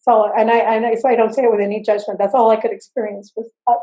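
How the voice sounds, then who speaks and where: Older woman, fairly high and mellow voice, intense halting testimony, echoey room. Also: little pitch movement. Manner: earnest, intense, halting with repeats. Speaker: interview guest. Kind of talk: personal testimony. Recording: roomy echo.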